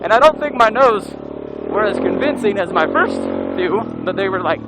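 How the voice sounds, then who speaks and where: Animated man telling a story on a trail. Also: very deep voice, moderate pace, creaky, over a noisy crowd, heavy background noise. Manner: animated, whoops and yells while riding. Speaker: motovlogger. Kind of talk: storytelling while riding. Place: outdoors on an off-road motorcycle trail.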